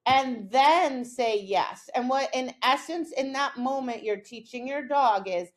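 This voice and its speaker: A woman's voice: high voice, unhurried. A middle-aged woman co-hosting a podcast, explaining dog training in a casual chat and acting out her own lines and her dog's reactions.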